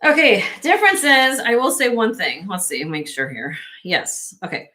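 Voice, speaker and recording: A woman's voice: on the high side, sing-song, measured pace, bright, forceful tone. A woman hosting a casual live-stream jewelry sale, chatty and self-correcting, laughing often as she shows pieces to viewers.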